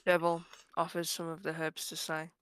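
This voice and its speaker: A woman playing a tabletop game, speaking in a mild, deadpan way. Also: sits low, normal speed, clean tone. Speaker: player. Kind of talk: casual game chat.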